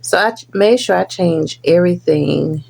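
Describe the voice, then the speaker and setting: A woman's voice: on the low side, moderate pace, vocal fry, darkish tone, slightly rough. A woman hosting a reaction video, talking casually and earnestly warning her viewers.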